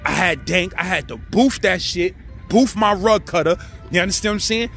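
High-voiced New York man telling stories. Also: moderate pace, creaky, faint music behind. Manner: animated, slangy, acts out the people in his story. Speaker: storyteller host. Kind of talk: casual prison storytelling.

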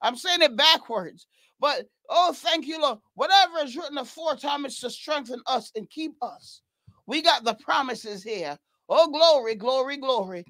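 This prayer leader's voice is high-pitched, animated, and fairly bright, moving at normal speed with no room sound. She is a woman leading a fervent spoken prayer, repeating cries of praise and slipping into tongues.

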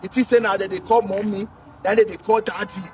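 A man from Edo State with a Nigerian Pidgin English accent, delivering a loud, sing-song scolding commentary. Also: high-pitched, fairly even intonation, brisk. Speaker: social commentator. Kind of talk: ranting commentary. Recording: distant mic with faint noise.

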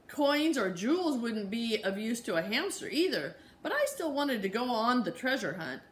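A woman reading a children's chapter book aloud, pausing to show and explain the pictures. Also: fairly high pitch, big pitch swings. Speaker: reader. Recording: roomy echo.

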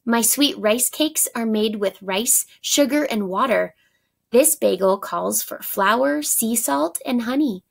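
A woman voicing a kind woman baker in a storybook, speaking politely and gently. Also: a little high, takes it slowly, gravelly, heavily acted. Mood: apologetic.

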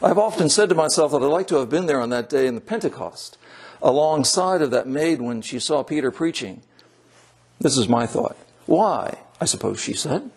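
A male priest preaching a sermon in church. He is emphatic, repeats his key phrases and slows down to stress his points. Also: medium pitch, lively intonation, darkish tone, breathy edge.

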